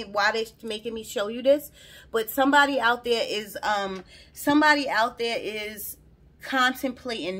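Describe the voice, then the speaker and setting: A woman's voice: medium pitch, pushed and bright. A woman giving a casual, rambling tarot reading into her phone, talking straight to her viewers and often repeating herself. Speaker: tarot reader.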